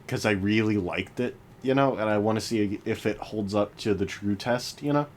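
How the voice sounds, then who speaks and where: A man's voice: fairly low pitch, normal speed, a little mellow. A young man co-hosting a casual podcast, teasing his friend and laughing often. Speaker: podcast co-host. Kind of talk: casual chat.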